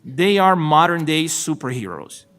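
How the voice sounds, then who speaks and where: A middle-aged man from El Salvador with a Salvadoran Spanish accent, giving a formal ceremonial acceptance speech as a new supreme court justice. He is measured and gracious, with dry self-deprecating humor. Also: on the high side, sing-song, a bit bright. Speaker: newly appointed state supreme court justice.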